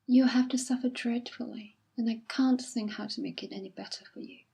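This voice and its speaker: A woman's voice: fairly high pitch, steady tone, a little fast, vocal fry, warm tone, slightly rough, full character voice. A woman reading aloud as a remorseful young man who earnestly pleads with his fiancée. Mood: pleading. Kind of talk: audiobook reading.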